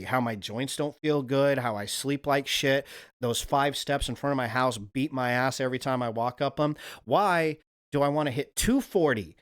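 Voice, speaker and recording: A man hosting a livestream, talking in a loose, rambling, profane monologue. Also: medium pitch. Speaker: livestream host.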